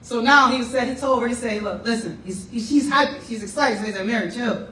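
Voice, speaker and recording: Male teacher, high voice, casual talk, keeps checking in; distant mic. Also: fast, bright, forceful tone. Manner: conversational, often checks in with "right?" and "you know what I'm saying?". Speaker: class teacher. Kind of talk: informal lecture. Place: room with a class. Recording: roomy and distant with faint noise.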